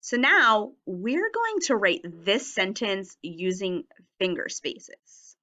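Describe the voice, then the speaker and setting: Slow, bright-voiced woman teaching children. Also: medium pitch, big pitch swings, muffled recording. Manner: slow, clearly enunciated, modelling words for young children. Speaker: elementary teacher. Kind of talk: phonics and writing lesson video.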